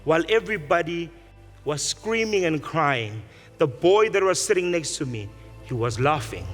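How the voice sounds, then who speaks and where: Animated high-voiced man. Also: normal speed, soft background music. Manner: animated storyteller acting out characters. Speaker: speaker. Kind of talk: motivational speech with storytelling.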